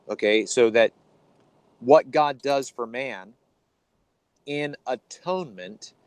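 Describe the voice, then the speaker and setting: A man's voice: medium pitch, clear, resonant tone, dry recording, rough recording. A man co-hosting a conversation, explaining Bible translation in a hesitant, teacherly way with frequent ums and restarts. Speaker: podcast co-host.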